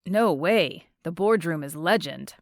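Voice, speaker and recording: A woman's voice: on the low side, animated, a little slow, no echo, clean studio sound. A woman voicing an easygoing, charming young male surfer with a wry way of talking, in an audiobook.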